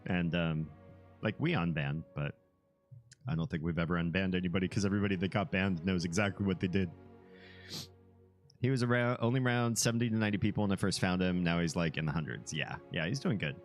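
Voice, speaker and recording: Male streamer with a very deep bass voice; loose, rambling casual chat with frequent chuckles, soft music behind. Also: quick pace. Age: young adult to middle-aged, a parent. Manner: rambling, easygoing, chuckles often.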